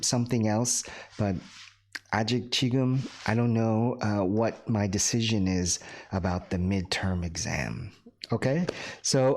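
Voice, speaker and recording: A man teaching an online English class, patient and repetitive, often checking in with "right?" and slipping in Korean words for his students. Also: medium pitch. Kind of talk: recorded online class lecture.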